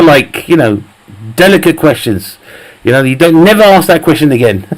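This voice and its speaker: Streaming a game live, a man with a higher-than-average voice banters casually with his audience. He cracks jokes, ribs the chat, laughs often and curses without holding back.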